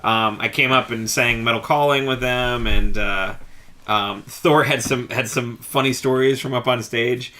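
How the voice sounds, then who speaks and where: A man talking loosely on a band podcast, circling back with plenty of ums and easy laughs. His voice has a bright, forward tone at a middle pitch, relaxed and unhurried. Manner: rambling, laughs often, lots of fillers. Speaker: band member co-hosting a podcast. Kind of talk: casual chat.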